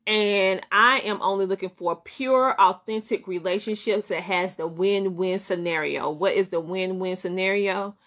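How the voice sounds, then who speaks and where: A woman's voice: medium pitch, fairly even intonation, unhurried, few pauses, a bit bright. Emphatic Southern woman coaching. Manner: preachy and emphatic, repeating phrases for effect; greets viewers by name and laughs easily. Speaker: business coach and show host. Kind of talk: live-stream motivational talk.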